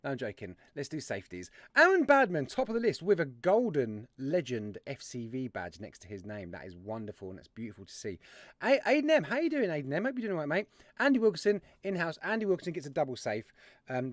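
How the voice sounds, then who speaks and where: A man's voice: fairly high pitch, no room sound, studio quality. A man hosting a casual livestream, chatty and jokey as he greets viewers by name. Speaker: livestream host. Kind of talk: casual live-stream chat.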